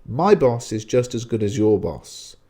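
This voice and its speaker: A man's voice: medium pitch, expressive, unhurried, dark tone, slightly rough. A man teaching a lesson, explaining a text in a chatty way with frequent fillers.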